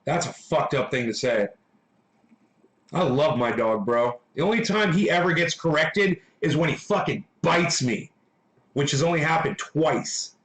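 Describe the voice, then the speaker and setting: A man's voice: a little high, animated, unhurried, fairly bright tone. A man hosting a casual livestream, ranting with heavy swearing while reading and answering chat. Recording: echoey room.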